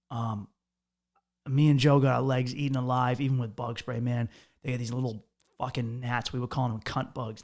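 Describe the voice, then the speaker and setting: A young man from the United States, hosting a podcast and telling a long travel story in a loose, profane, rambling way with lots of restarts. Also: mid-range voice. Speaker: podcast host. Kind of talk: casual storytelling monologue.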